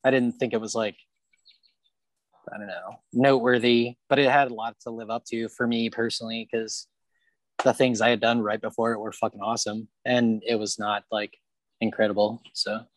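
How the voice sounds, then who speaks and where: A rollerblader guests on a casual podcast interview recorded on a porch in Kansas City. He talks at normal speed in a medium-pitched, level voice, blunt and heavy on swearing and fillers. The recording is dry.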